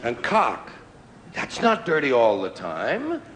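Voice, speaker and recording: Stand-up comic man, lively swooping pitch. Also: a little hiss or hum. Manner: wry, drawn-out delivery with sudden loud jumps. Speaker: stand-up comedian. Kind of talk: stand-up routine. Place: comedy stage before a live audience. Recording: live club recording with crowd laughter. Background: audience laughter.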